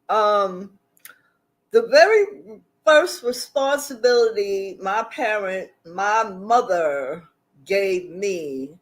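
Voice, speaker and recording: A woman hosting a casual livestream who talks to her chat, reads the comments aloud and laughs often. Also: medium pitch. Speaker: livestream host.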